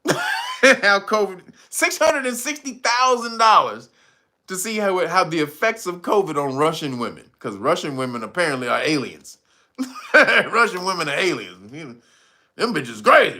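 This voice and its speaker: A man's voice: sits high, sharp tone. A man hosting his own channel, giving mocking comedic commentary, laughing often and swearing freely. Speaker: channel host.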